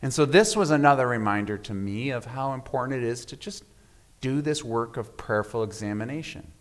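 Reflective male pastor in a reverberant hall. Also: mid-range voice. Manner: measured and reflective, often dropping to a soft hush at phrase ends. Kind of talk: sermon. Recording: long reverb of a large hall.

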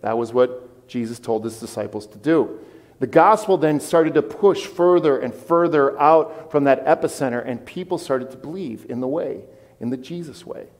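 A man preaching a sermon as pastor, animated and conversational with his congregation. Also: mid-range voice, moderate pace, big-room sound. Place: church.

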